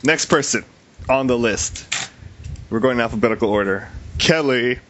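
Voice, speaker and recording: A man's voice: medium pitch, moderate pace, a bit bright. A young man hosting a casual podcast, teasing his co-host and laughing often. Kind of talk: casual chat. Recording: dull lo-fi podcast audio with faint hiss.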